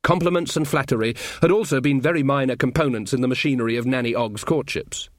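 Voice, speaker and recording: A man narrating an audiobook in a wry, expressive manner. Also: medium pitch, fast talker, no room sound, clean studio sound.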